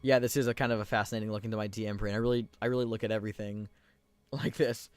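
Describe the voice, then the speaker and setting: A man's voice: on the low side, flat delivery, quick pace, clean tone. A man streaming a role-playing game, chatting casually and self-deprecatingly with his viewers.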